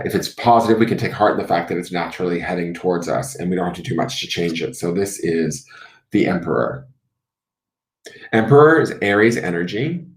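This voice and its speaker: A man with a somewhat low voice gives a live-streamed tarot reading, musing his way through the cards. He pauses on fillers and keeps checking in with "right?". The sound carries a noticeable room echo. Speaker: tarot reader.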